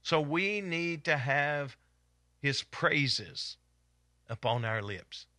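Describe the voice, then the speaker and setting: Preaching with fervor, this middle-aged man from East Kentucky hollers excitedly through a Bible study in his Appalachian accent. He speaks in a fairly high pitch and extremely slowly, and the studio-quality audio has no echo.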